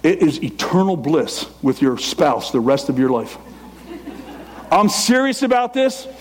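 Quick, high-voiced older male pastor preaching. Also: very animated, slight background noise. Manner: fast, emphatic, jokey. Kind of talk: sermon.

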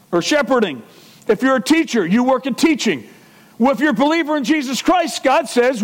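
Really high-pitched guy preaching, lively and jokey, pastor giving a sermon. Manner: animated, jokey, with voiced impressions and laughs.

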